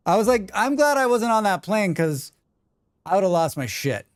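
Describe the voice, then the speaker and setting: An excitable man chats on a gaming livestream and swears freely as he talks to his viewers. His voice sits a little high. The sound is dry, with almost no room around it. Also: moderate pace, smooth, dry recording. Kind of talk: casual gaming livestream chat.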